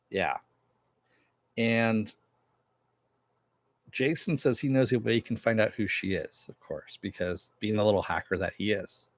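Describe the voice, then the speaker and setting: Casual male reviewer with a slightly low voice, loose rambling delivery, dry close sound. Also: dry recording. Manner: loose and rambling, many fillers, mild swearing. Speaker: TV episode reviewer. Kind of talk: casual recap with paraphrased quotes.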